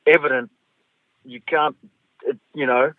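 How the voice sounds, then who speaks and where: A man's voice: mid-range voice, fairly even intonation, unhurried, no room sound. An Australian man, a guest author and storyteller, talking animatedly in an interview and repeating words as he builds a thought. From North Queensland, Australia. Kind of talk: conversational interview. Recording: tinny phone-like line, dry.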